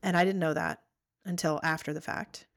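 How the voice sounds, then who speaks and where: A woman in her thirties telling a personal story as a podcast guest, animated, acting out what people said. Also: sits low, normal speed. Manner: animated storytelling, acts out quoted voices.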